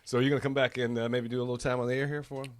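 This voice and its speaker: A man's voice: mid-range voice, level tone, rapid-fire, no echo. A man interviewing a radio host, with short, affirming replies. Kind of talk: casual interview.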